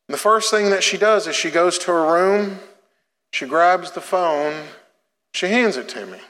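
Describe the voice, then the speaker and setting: A middle-aged man preaching a sermon in a church, telling a family story in an animated way before turning to exhortation. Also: measured pace, in a large hall. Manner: storytelling, animated, rising pitch in anecdotes. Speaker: pastor.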